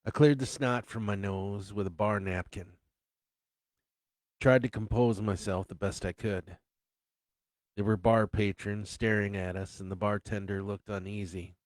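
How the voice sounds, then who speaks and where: Man, low voice, unhurried reflective reading, dry close recording. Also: steady tone, no room sound. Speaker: author reading his own book. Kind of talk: first-person memoir-style story reading.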